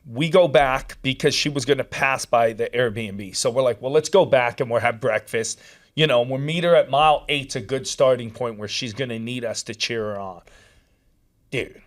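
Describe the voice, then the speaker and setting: A man telling a long story in a casual chat, animated and peppered with "dude" and "like.". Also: medium pitch, normal speed. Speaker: podcast guest.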